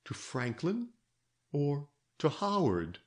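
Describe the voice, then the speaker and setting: A man reading aloud, voicing an elderly detective who speaks gently and soothingly, coaxing and fatherly. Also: on the high side, wildly swooping pitch, slow pace, pitched above the performer's own voice, heavily acted. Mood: gentle coaxing. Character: old male detective, fatherly, gentle and shrewd.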